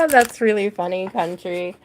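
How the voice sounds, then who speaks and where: A woman's voice: mid-range voice, a bit bright, a little hiss or hum. A woman hosting a live tarot stream, chatting casually with viewers, laughing often and greeting them by name.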